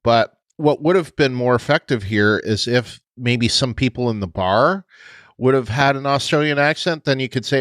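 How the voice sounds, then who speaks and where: A man's voice: mid-range voice, moderate pace, fairly bright tone, no echo. A man co-hosting a podcast in casual chat, rambling through his point with frequent restarts and laughs. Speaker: podcast co-host.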